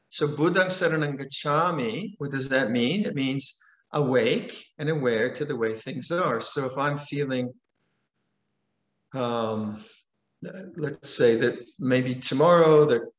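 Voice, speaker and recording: An older man, a meditation teacher, gives a calm, conversational dharma talk with frequent repetitions and rhetorical questions. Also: on the high side. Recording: roomy echo.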